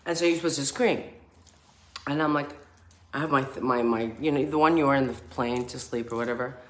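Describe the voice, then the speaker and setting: Animated woman telling a story in a roomy space. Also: rumbling low, fairly quick. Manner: animated, acts out screams and chants, many fillers. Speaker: spiritual healer sharing her story. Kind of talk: casual personal storytelling. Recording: roomy echo.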